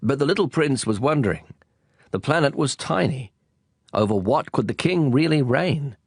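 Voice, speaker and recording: Casting: male audiobook narrator, calm, expressive reading, dry close sound. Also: medium pitch, normal speed, creaky, husky, no echo.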